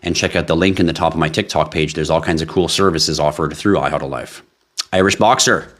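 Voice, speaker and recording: A man with a very low voice hosts a live crypto stream. He talks to his viewers in a brash, joking way, swears freely and reads their comments aloud. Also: a little fast, fairly bright tone.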